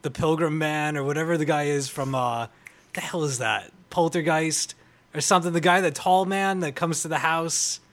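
A man on a casual comics podcast who rambles through his memories with easy enthusiasm. His speaking voice sits a touch high for a man. He talks loosely and uses plenty of "uh" and "like.". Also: fairly even intonation, moderate pace, a bit bright. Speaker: podcast panelist. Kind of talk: casual chat.

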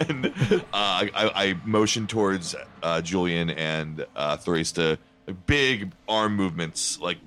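A man's voice: deep voice, expressive, slow, fairly bright tone. A man playing in a tabletop role-playing game, talking in a stammering, laughing manner with frequent swearing. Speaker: player. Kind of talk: tabletop role-play banter.

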